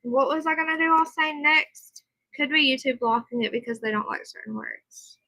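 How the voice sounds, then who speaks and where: At home, a tired woman hosts a casual livestream, chatting with viewers as she reads aloud and answers their comments. Her voice sits high and sounds pushed and bright, at a normal speed. The rough recording has no room sound.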